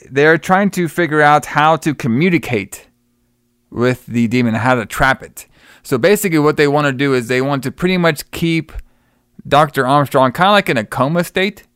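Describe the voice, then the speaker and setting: Smooth-voiced man, swearing recap. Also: mid-range voice, lively intonation, normal speed, a bit bright, no echo, studio quality. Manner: profane, rambling, acts out quoted lines. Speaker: podcast co-host recapping a film. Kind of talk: casual chat.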